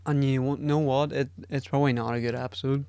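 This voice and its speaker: A man's voice: medium pitch, little pitch movement, fast, mellow, clean tone, no echo. A man hosting a podcast alone, rambling casually, swearing often and putting himself down. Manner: rambling and profane, self-deprecating. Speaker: podcast host. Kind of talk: casual solo podcast chat.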